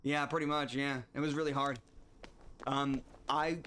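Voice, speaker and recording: A man's voice: medium pitch, flat delivery, normal speed, fairly bright tone, a little hiss or hum. A man streaming a video game, chatting casually and rambling with restarts and asides to his viewers. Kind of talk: casual gameplay commentary.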